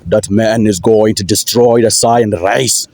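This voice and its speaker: Guy doing a proud cartoon alien king, slow and bossy, dry sound. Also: on the low side, steady tone, a little mellow, dry recording, close to an everyday voice. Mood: boastful.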